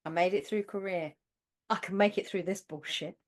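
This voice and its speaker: Dry-witted woman with a lowish voice. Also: steady tone, moderate pace. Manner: dry, sardonic quips. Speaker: podcast co-host. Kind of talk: casual podcast chat.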